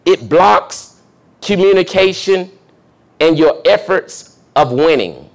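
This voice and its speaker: A man's voice: high voice, expressive, slow pace, creaky. A young adult man, a pastor, giving a conversational sermon and checking in with the congregation with questions. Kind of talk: sermon teaching.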